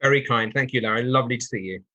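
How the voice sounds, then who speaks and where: A middle-aged English man, a law firm owner, answering interview questions warmly and enthusiastically. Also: medium pitch, very fast, no echo, muffled recording. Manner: warm, enthusiastic and effusive. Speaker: solicitor and law firm owner, podcast guest.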